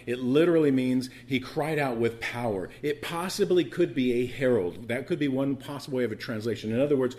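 Male pastor, mid-pitched, animated sermon delivery with stammered restarts; faint hum in the background. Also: a little fast, hardly any pauses. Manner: animated, stammering restarts, builds to loud proclaiming.

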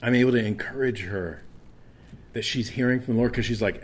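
A man's voice: mid-range voice, a little fast, a little hiss or hum. A man preaching a sermon, earnest and conversational, often stumbling over repeated words as he restarts a thought. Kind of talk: sermon with scripture reading.

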